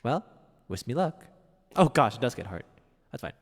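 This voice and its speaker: A man's voice: medium pitch, sing-song, moderate pace, big-room sound. A man streaming at the piano, chatting casually and reading viewers' messages aloud. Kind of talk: casual chat.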